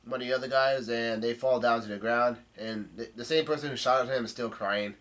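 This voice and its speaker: A man's voice: mid-range voice, fairly even intonation, a bit bright. Laid-back man recapping a comic chapter. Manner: halting, laid-back, salty language. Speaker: manga chapter reader.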